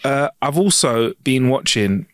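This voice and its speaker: A man's voice: mid-range voice, lively intonation, normal speed, no room sound, studio quality. A young British man co-hosting a podcast, joking sarcastically and rambling in casual chat. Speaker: podcast co-host.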